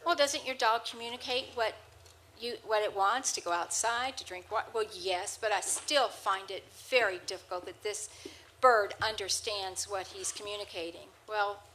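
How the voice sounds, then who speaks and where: A woman's voice: medium pitch, normal speed, pushed and bright, a little hiss or hum, poor audio. A woman telling rambling anecdotes to a live audience, holding a microphone, with frequent restarts. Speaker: storyteller on stage. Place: presentation hall with an audience. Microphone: handheld microphone.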